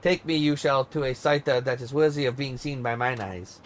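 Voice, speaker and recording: A man's voice: medium pitch, steady tone, moderate pace, slight background noise, close to an everyday voice. A man voicing a pompous eccentric female pop superstar with a fake French accent, talking grandly in odd word order. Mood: haughty.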